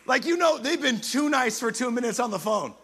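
A man preaching a sermon as a pastor, energetic and humorous, with quick conversational asides. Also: very high voice.

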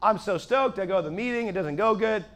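A man preaching a testimony to a live crowd, animated, going from quiet asides to shouting when excited. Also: high voice, fast talker. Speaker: evangelist preacher. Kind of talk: sermon testimony to a live audience.

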